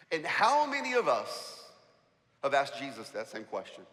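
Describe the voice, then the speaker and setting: A man preaching a sermon as pastor, emphatic and animated, asking the congregation rhetorical questions. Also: mid-range voice, moderate pace. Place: church sanctuary. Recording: church hall with long reverb.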